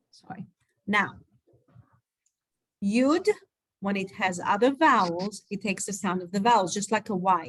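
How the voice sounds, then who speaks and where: A woman's voice: medium pitch, lively intonation, unhurried, long pauses, dry recording. A woman from Israel teaching an online Hebrew class over a video call, patiently repeating letter sounds with chatty asides.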